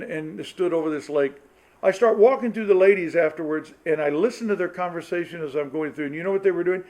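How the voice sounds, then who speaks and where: A man's voice: on the high side, low-quality recording. Folksy man preaching with stories. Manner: lively, folksy storytelling with laughs and acted-out quotes. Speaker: speaker at a church marrieds group. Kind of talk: storytelling sermon talk.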